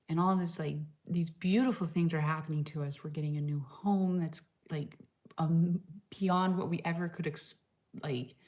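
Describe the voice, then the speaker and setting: Casting note: woman vlogger, low gravelly voice, chatty, lots of "like", slips into whispers. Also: darkish tone. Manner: chatty, frequent "like" fillers, drops into whispers. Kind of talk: casual vlog chat. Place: home in Slovenia.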